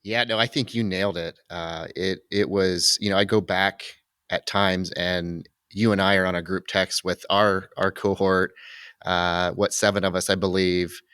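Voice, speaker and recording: A man with a very low voice hosts a casual interview podcast. He speaks reflectively and wanders through his thoughts with many restarts. The recording is dry and close. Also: level tone, moderate pace, a bit bright, smooth, no echo. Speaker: podcast host.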